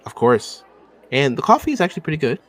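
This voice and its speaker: A man's voice: on the high side, sing-song, fast talker, pitched above the performer's own voice. A man voicing an awkward, nervous young man who stammers and hesitates. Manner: stammering, hesitant, many fillers.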